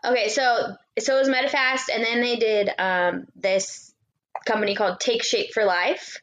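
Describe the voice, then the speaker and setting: A woman co-hosting a podcast, explaining things in casual chat with many ums and pauses. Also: fairly high pitch, fairly even intonation, a bit bright. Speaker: podcast co-host.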